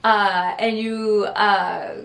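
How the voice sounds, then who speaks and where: A middle-aged woman hosting a casual home chat as a caregiver, talking in a quick, rambling way. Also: mid-range voice, fairly even intonation, a bit bright, reverberant. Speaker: caregiver and host. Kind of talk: casual chat answering viewer questions.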